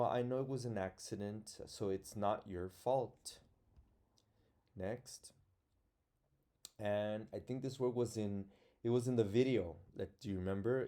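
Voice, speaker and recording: A male teacher with a lowish, mellow voice leads young children through a phonics lesson. He talks slowly and patiently, sounding words out letter by letter and reading sentences aloud in chunks.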